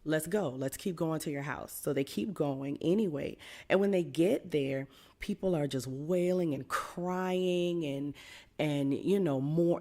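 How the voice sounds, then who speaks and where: A woman hosting a podcast, retelling a Bible story in a casual, animated way and pleading with her listeners to hold on. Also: low-pitched. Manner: animated storyteller, acts out quotes; pleading, encouraging. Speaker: podcast host. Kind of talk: conversational Bible teaching.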